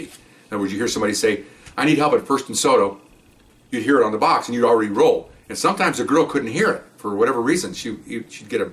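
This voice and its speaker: A man's voice: fairly low pitch, a bit bright, far from the mic. An older man, a retired police officer, telling a patrol story in a casual, rambling way full of asides and "okay?" check-ins.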